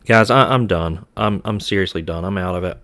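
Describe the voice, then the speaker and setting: A man's voice: low voice, fairly even intonation, fairly quick, a bit bright. A man hosting a live trading stream, talking to viewers in a frustrated way, sighing and repeating himself. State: aggravated.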